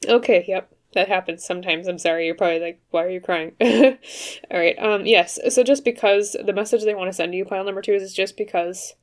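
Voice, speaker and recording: A woman's voice: medium pitch, fairly even intonation, fast talker, hardly any pauses. A woman giving a pick-a-card tarot reading to camera, speaking hesitantly and carefully with many fillers and restarts. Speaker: tarot reader.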